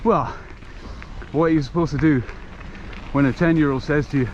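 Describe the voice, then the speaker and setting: A man's voice: on the high side, normal speed. A middle-aged man vlogging casually as he rides a mountain bike trail outdoors, chatty and self-mocking. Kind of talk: casual talk while riding. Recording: dull lo-fi sound, faint outdoor noise.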